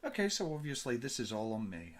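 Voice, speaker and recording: A man's voice: medium pitch, very animated, brisk, pitched above the performer's own voice, close to an everyday voice. A man voicing a frightened, sarcastic young male hacker who talks in nervous bursts.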